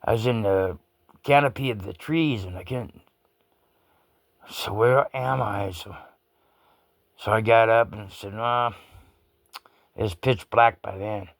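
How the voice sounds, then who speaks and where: Low-voiced guy rambling thru a story, cussing, folksy, dry close sound. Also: unhurried, gravelly, long pauses, no room sound. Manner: salty, profane, folksy talk with many restarts. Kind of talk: rambling personal anecdote.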